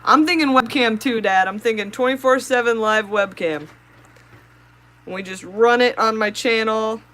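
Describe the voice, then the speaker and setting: Excitable woman hosting a live stream. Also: fairly high pitch, a little slow, poor audio. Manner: excitable, chatty, talks to her fish and viewers. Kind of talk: live stream chat with viewers.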